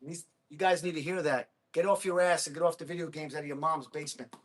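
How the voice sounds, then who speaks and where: A man livestreaming a workout, talking to his chat between exertions, energetic and whooping, blunt with trolls. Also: a little high, quick pace, slight background noise. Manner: blunt and combative toward trolls. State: exerting himself while hitting a ball. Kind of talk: casual livestream chat while training.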